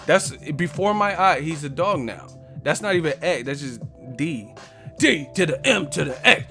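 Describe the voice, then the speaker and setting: Man on a live stream, higher voice, laughing storyteller, faint music behind. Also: lively intonation, normal speed, gravelly, sharp tone. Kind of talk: casual live-stream chat.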